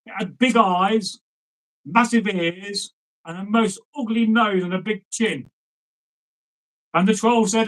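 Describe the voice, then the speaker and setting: A man tells an old folk tale in a loose, conversational way. He wanders off into asides and then picks the thread back up, and his voice sits fairly high for a man. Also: a little slow, fairly bright tone, low-quality recording. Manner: chatty, digressive, with asides to the listener. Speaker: storyteller. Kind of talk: casual folk-tale storytelling.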